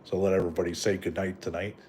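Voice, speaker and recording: A deep-voiced, middle-aged Canadian races through a rambling live-stream chat in a flat, slightly mellow delivery, cursing and dropping fillers and "right?" tags. A little hiss or hum runs underneath.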